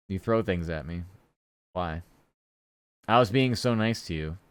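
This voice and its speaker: Young male streamer, casual chat, mutters to himself, smooth voice, dry close mic. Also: low-pitched, measured pace, pauses often, a bit bright, no echo, faint music behind. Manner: rambling, muttering to himself while working.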